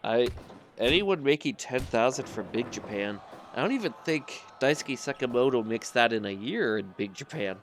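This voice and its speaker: A man's voice: medium pitch, lively intonation, normal speed, a little hiss or hum. A man chatting casually with a friend on a gaming stream, dropping dry, wry remarks. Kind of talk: casual gameplay chat.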